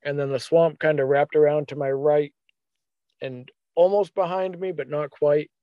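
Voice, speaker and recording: A man telling a hunting story in a casual, animated way, acting out his own thoughts as quotes. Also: on the high side, normal speed, dry recording, muffled recording.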